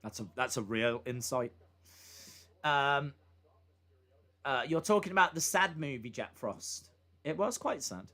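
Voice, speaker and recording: A man's voice: mid-range voice, lively intonation, measured pace, long pauses, pushed and bright. A man hosting a live reaction stream, chatting casually and rambling with fillers and asides between moments of commentary.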